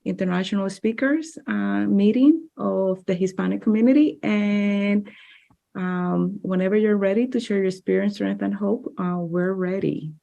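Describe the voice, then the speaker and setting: Woman meeting chair, gravelly, dark voice, hesitant welcome, muffled audio. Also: medium pitch, moderate pace. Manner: hesitant, with fillers. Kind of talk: welcoming introduction.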